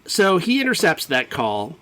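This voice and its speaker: A man's voice: a little high, huge pitch swings, unhurried, pushed and bright, no echo. A man co-hosting a movie review podcast, recapping a plot in casual chat with sarcastic asides and frequent laughs. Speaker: podcast co-host.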